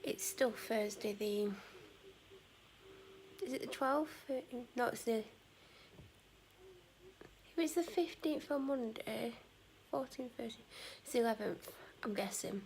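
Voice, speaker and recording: Woman, vlogger, weary chatty ramble with a gravelly edge. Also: on the high side, slow, pauses often, darkish tone, slight background noise. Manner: meandering, self-correcting, drops to near-whispers at times. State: tired. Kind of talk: casual rambling vlog chat.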